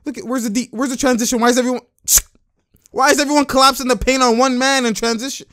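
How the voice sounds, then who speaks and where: A man giving a casual, excitable breakdown of basketball game footage, with lots of slang and exclamations. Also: extremely high pitch, quick pace, no room sound, clean studio sound. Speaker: basketball commentator.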